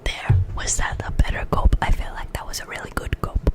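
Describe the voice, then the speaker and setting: A woman's voice: a little fast, loud music behind the voice. A young woman whispering through an ASMR livestream, giggly and self-mocking as she talks straight to her chat. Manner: addresses chat directly. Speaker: ASMR streamer. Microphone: earbuds with a streaming mic.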